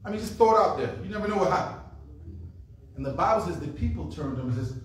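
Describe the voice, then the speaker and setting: A man preaching at a revival, telling Bible stories in a lively, conversational way and acting out the voices of the people in them. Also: high-pitched, quick pace. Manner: animated storytelling with acted-out voices, says "man" often. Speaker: pastor. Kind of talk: revival sermon. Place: church sanctuary. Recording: echoey room from a distance.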